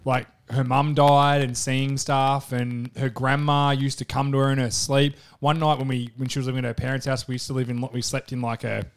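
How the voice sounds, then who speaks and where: A man's voice: medium pitch, flat delivery, brisk, hardly any pauses, clean tone. A man co-hosting a casual podcast, with a voice that sits in the middle of the male range. He rambles through stories, swears freely and keeps restarting his sentences. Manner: rambling, swearing, self-interrupting. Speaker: podcast co-host. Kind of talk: casual storytelling chat.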